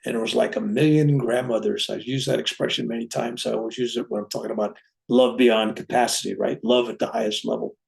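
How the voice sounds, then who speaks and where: Guy with a really gravelly voice telling a story, acts out the dialogue, medium pitch. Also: fairly quick. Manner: animated, acts out dialogue in his own voice. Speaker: reverend. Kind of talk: personal storytelling. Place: room at home with a bookcase.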